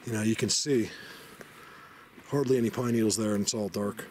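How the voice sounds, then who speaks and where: A fairly low-voiced man talks excitedly outdoors in a forest, tripping over his words and now and then sinking to a hushed whisper. There is a faint hiss of outdoor noise around him, picked up by a handheld camera mic. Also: brisk. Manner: excitable, stammering, drops to a whisper. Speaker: Bigfoot hunter vlogger.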